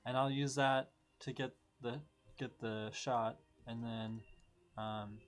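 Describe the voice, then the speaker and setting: A man playing in a tabletop role-playing game, talking through his actions in an unhurried way and thinking aloud. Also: mid-range voice, fairly even intonation. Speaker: player. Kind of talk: casual tabletop play.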